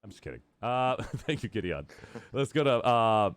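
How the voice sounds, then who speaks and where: Deep-voiced man hosting a game stream. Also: very animated, moderate pace, clear, resonant tone, dry recording. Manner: upbeat, rambling, laughs often. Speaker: streamer host. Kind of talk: casual live-stream chat.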